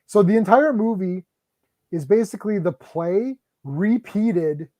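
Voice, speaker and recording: A man's voice: high-pitched, unhurried, no echo. A man hosting a livestream, chatting casually about movies, rambling with lots of fillers and acting out scenes in a raised voice. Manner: rambling, animated, acts out movie lines in a raised voice. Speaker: stream host.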